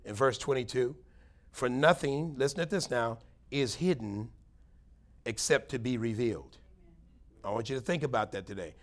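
A man's voice: mid-range voice, normal speed, pauses often. A man preaching a plain-spoken Bible teaching sermon, earnest and conversational, with emphatic bursts. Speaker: pastor.

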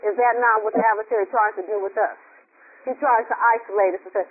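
A man's voice: high-pitched, fairly even intonation, fast talker. A man preaching a conversational sermon in a folksy way, often turning to his listeners with direct questions. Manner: folksy, asks listeners directly, repeats himself. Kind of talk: conversational sermon over a phone line. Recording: tinny phone line, faint hiss.

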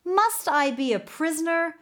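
A petulant twelve-year-old king , played by a woman storyteller, high and indignant, with lively swings in pitch. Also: unhurried.

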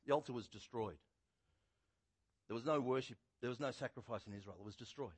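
A middle-aged man preaching a sermon, telling a Bible story in a conversational, animated way with a husky voice. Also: mid-range voice, fairly quick, long pauses. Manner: animated storytelling, acting out quotes loudly.

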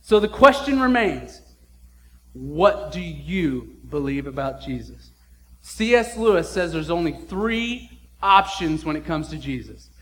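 A man's voice: on the high side, very animated, unhurried, a bit bright. A man preaching a sermon as pastor, blunt and emphatic, with casual slang.

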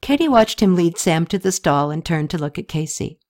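Low-voiced woman reading a story. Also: animated, normal speed, a little mellow. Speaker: audiobook narrator. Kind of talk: scripted narration.

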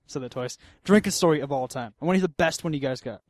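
A man's voice: on the high side, fast talker, no echo, studio quality. Laughing man hosting a casual podcast. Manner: loose, laughs a lot, profane. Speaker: podcast host. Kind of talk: casual chat.

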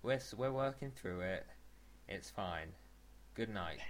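A man's voice: on the low side, lively intonation, a little slow. A man co-hosting a casual podcast, chatting in a rambling way and often restarting his sentences. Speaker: podcast co-host.

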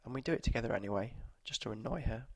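A man narrating short stories aloud at a measured, steady pace. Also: medium pitch, dry recording.

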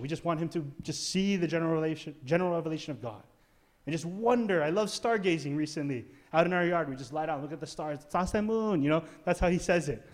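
A pastor preaching a conversational, emphatic sermon in church, asking the congregation questions. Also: male voice, a little high.

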